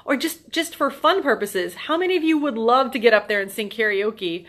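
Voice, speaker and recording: A woman's voice: fairly high pitch, animated, moderate pace, fairly bright tone. A woman in her thirties hosting a solo podcast, talking in a chatty, self-deprecating way and acting out little quoted thoughts. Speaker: podcast host. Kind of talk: casual solo podcast monologue.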